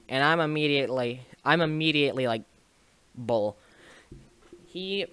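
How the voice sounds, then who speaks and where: A man's voice: medium pitch, pushed and bright, clear, resonant tone, no echo. A young man telling a casual story to camera, rambling with restarts and small laughs. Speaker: streamer and video maker.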